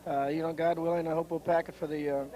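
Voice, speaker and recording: A man giving a hoarse, rambling, grateful postgame TV interview after a win. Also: on the high side, level tone, fast, warm tone, rough recording. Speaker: ballplayer interviewed after winning. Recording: 1970s TV broadcast with crowd noise.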